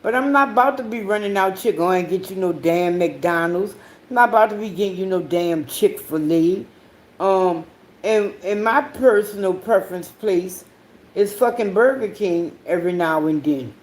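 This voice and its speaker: A woman hosting her own podcast, telling rambling, profanity-heavy stories in a casual monologue, swinging between loud outbursts and low mutters. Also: normal speed. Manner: profane, rambling storytelling with frequent swearing. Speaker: podcast host.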